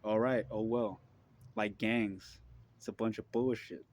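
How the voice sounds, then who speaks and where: A man with a fairly low voice delivers an impassioned monologue to his viewers. He is blunt and profane and repeats his points in a preachy way. He keeps checking in with the listener before pushing on. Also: steady tone, unhurried, darkish tone, no room sound. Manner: asks listeners for agreement. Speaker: vlogger.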